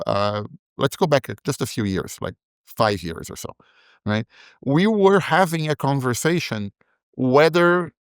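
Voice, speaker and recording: Smooth-voiced man thinking aloud on a podcast. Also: medium pitch, no room sound. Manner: thinks aloud, with restarts and tag questions. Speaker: podcast panelist, cloud security analyst. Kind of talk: conversational podcast discussion.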